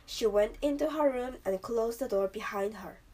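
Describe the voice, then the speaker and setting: A woman reading a storybook aloud as narrator, measured and expressive. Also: fairly high pitch.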